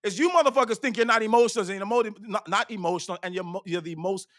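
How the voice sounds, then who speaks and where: Stand-up comic, male, high pitched, rambling profane delivery, dry sound. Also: quick pace, dry recording. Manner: profane, rambling, repeats himself; swings between loud bursts and hushed asides. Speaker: stand-up comedian. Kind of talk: stand-up routine.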